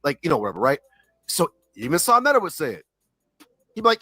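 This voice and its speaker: A man rambling through casual livestream chat, his pitch leaping up and down as he piles on slang and fillers. His voice is bright and forward, recorded dry and close. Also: wildly swooping pitch, fast talker, husky, no room sound, faint music behind, low-quality recording. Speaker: livestream regular reading chat.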